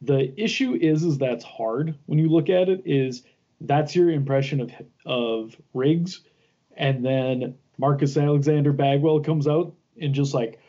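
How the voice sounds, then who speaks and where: A man on a podcast panel, chatting casually in a halting way and restarting his sentences. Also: a little high, mellow, dull audio. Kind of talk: casual chat.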